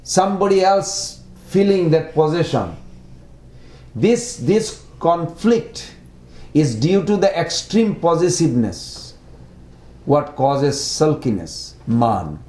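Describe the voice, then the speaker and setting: A man giving a devotional lecture in non-native English, halting and repeating words as he explains. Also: fairly high pitch, sing-song, warm tone. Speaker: speaker giving a religious class. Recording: echoey room.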